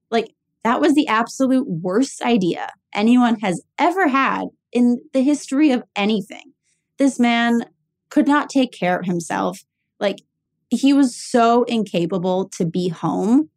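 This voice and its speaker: A young woman with a lowish, creaky voice shares a personal caregiving story. She speaks candidly and casually, with lots of fillers.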